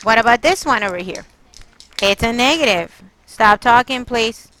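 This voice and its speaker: A woman's voice: on the high side, lively intonation, moderate pace, a bit bright, low-quality recording. A woman math teacher leading a classroom lesson, quizzing her students and coaxing answers out of them. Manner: coaxing, quizzing students, exasperated then apologetic.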